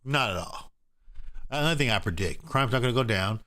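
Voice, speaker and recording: A man's voice: mid-range voice, animated, fairly quick, sharp tone. A man from Oregon giving a casual vlog rant in a blunt, profane, repetitive way. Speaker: gun owner vlogger.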